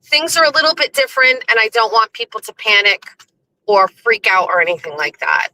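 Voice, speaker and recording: A woman's voice: on the high side, brisk, sharp tone, slight background noise, low-quality recording. A woman hosting a morning show, chatty and self-mocking, greeting viewers by name with lots of fillers. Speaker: host.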